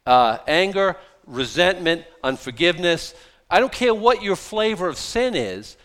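A man preaching a sermon as a pastor, emphatic and blunt, mocking excuses in quick put-on voices. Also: high voice, sing-song, fairly bright tone.

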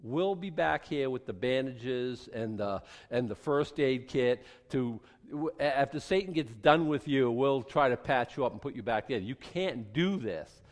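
A man preaching a sermon, wry and animated, acting out voices for God and the kings as he reads scripture. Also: mid-range voice, a little slow, few pauses, in a large hall. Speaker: pastor.

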